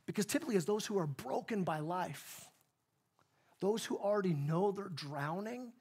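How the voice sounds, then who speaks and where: A man's voice: high-pitched, expressive, normal speed, a little mellow, breathy edge. Conversational male pastor preaching. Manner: conversational, plays out dialogue in voices. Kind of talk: sermon. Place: church.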